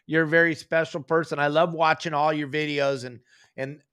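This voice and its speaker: A man's voice: a little high, little pitch movement, normal speed, a bit bright, smooth. A man hosting a podcast interview, encouraging his guest with short reactions and praise. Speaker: podcast host. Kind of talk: casual interview chat.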